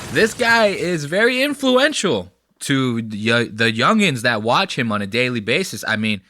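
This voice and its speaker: A man's voice: a little high, pushed and bright, no echo. A young man hosting a podcast, giving blunt, profane, heated commentary on video clips. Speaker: podcast host. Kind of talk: casual commentary reacting to clips.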